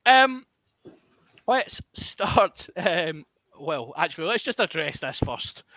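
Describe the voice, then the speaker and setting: A man's voice: on the high side, very animated, slow pace, bright, forceful tone, dry recording. A Glaswegian man hosting a podcast in casual chat, jokey and self-mocking. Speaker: podcast host.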